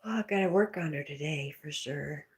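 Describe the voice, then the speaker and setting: A woman hosting a casual livestream, reading viewer comments aloud, talking to her dog and often dropping to a soft whisper. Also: deep voice, normal speed. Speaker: livestream host.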